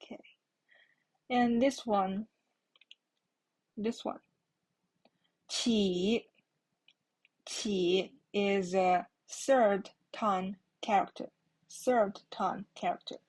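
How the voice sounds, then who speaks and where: Slow, patient woman teaching Mandarin. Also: mid-range voice, a little mellow. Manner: patient, repeats each word twice. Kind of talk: slow explanatory language lesson.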